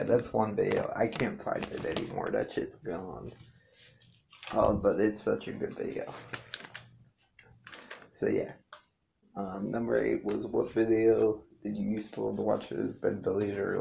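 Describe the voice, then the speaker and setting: A man talks through a casual vlog with a low, gravelly voice. He rambles and swears freely and keeps circling back to correct himself. The recording is dull and lo-fi. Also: a little mellow. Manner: rambling, loose and profane, with many fillers and self-corrections. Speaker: YouTuber answering a tag questionnaire.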